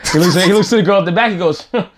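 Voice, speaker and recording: A man telling a story in casual chat, animated, laughing often and saying "yo" a lot. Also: high-pitched, very fast, heavy background noise.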